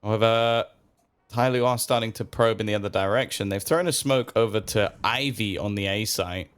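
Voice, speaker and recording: A man doing relaxed color commentary on an esports match, analytical and quick to laugh. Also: lowish voice, smooth. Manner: laid-back, analytical, laughs easily.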